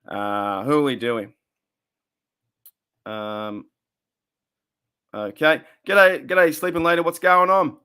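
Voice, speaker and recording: A man's voice: on the high side, fairly even intonation, slow, pauses often, pushed and bright, smooth. A young Australian man hosting a casual live stream, rambling and repeating himself as he reads the chat.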